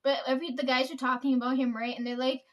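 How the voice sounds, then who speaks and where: A woman's voice: high-pitched, flat delivery, fast talker, dull audio. A young woman vlogging a rambling, profane story about her coworkers, laughing often as she tells it. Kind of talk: casual storytelling.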